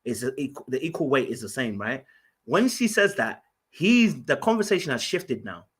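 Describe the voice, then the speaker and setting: A man from Ghana, telling an animated story in casual podcast chat, full of fillers and restarts. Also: medium pitch, moderate pace, husky. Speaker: podcast guest.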